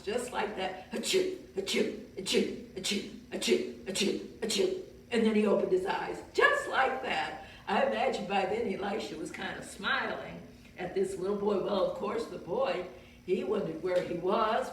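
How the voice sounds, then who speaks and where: Gentle woman telling a children's story. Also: lowish voice. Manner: gentle, explains and asks listeners questions. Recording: very echoey room, far from mic, faint noise.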